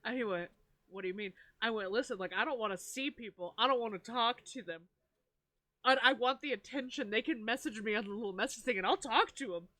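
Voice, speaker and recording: A young woman co-hosting a casual podcast chat, giggly and animated, acting out her own reactions as she tells stories. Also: medium pitch, quick pace. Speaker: podcast co-host.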